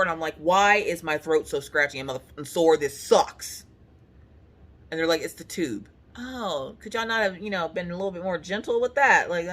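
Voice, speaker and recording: Woman in her thirties, casual chat to camera, voices her quotes, swoops from high to low. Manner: animated storytelling with voiced quotes. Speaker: craft vlogger. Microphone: camera on the couch.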